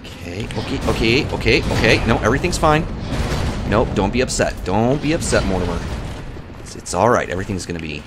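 A man's voice: on the low side, lively intonation, a little fast, heavy background noise. A man giving live gameplay commentary as a streamer, jittery and panicky, talking to himself and to the game. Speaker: let's play livestreamer.

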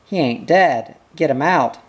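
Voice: medium pitch, a little slow, slightly rough. A reader voicing a frantic young accused man. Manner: broken, urgent pleading.

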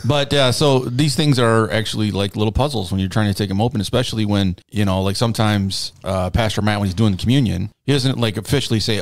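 A man's voice: on the low side, fast talker, hardly any pauses, no echo, studio quality. A man co-hosting a church podcast, chatting casually and telling joking stories. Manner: joking, animated storyteller. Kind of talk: casual chat.

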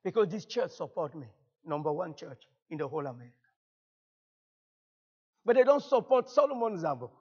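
A Cameroonian man whose first language is French, and who speaks with a Cameroonian French accent, delivers a fervent sermon as a guest pastor, repeating phrases and building to shouts. His fairly high, husky voice has a sing-song quality, and he talks briskly with frequent pauses. The audio sounds dull.

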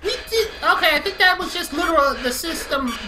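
Joking high-voiced woman gaming. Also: brisk, music in the background. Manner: joking, teasing, reassuring. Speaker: let's play co-host. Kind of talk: casual gameplay banter.

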